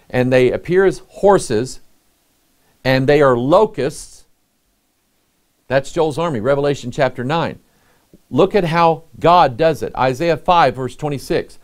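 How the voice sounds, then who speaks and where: A man preaches a sermon in a folksy, conversational style. He reads from the King James scripture and keeps checking in with his listeners through rhetorical questions. His pitch sits in an ordinary middle range for a man. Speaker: pastor. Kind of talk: sermon teaching with scripture reading.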